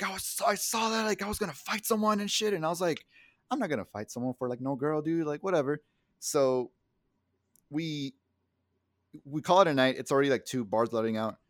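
A man's voice: mid-range voice, no echo, studio quality. Profane young man telling a story. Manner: profane, animated storytelling with acted-out quotes. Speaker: podcast co-host. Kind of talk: casual storytelling chat.

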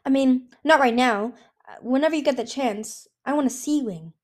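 A woman's voice: high-pitched, moderate pace, voice pushed up. A woman playing Darkstalker, a showy young dragon. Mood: playful. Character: young male dragon, boastful and playful.

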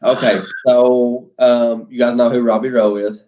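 A man's voice: medium pitch, flat delivery, a little slow, muffled recording. A young man, a pro ballplayer and student, answering interview questions in an easygoing way with many ums. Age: young adult. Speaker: guest, pro baseball player. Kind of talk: casual interview.

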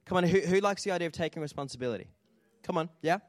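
A man preaching a lively sermon, telling stories and calling out to the congregation for responses. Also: on the high side, racing, no echo. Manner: animated storytelling with audience call-outs. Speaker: pastor.

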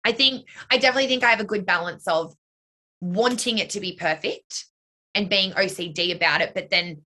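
A young woman answers interview questions about coaching dance and cheer. Her voice is bright and a little sharp, and she talks in a loose, chatty way with plenty of "like" and "you know". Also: medium pitch, a little fast.

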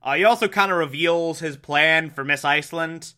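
A man's voice: a little high, normal speed, bright, forceful tone, clean tone. A man giving a sarcastic, incredulous recap of an episode, mocking the plot and swearing. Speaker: comedic recapper.

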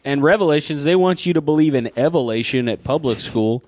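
A man co-hosting a casual chat, delivering crude jokes deadpan. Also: on the high side, fairly quick, dry recording.

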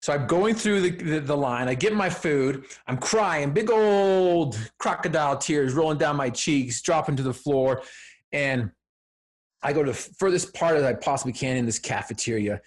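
A man's voice: a little high, lively intonation, moderate pace. A man, a podcast guest, telling a personal story in an earnest, emphatic way that builds to firm declarations. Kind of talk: personal story told in conversation.

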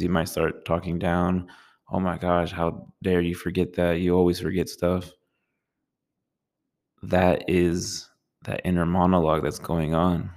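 A man giving a calm, measured talk on meditation, speaking in a slow and soothing way. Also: deep voice. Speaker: meditation teacher.

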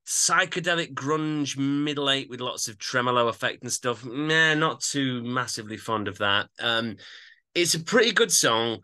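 Podcast co-host, man, bright and animated, casual music review chat. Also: mid-range voice, moderate pace, clear, resonant tone. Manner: animated, laughs easily, musing asides.

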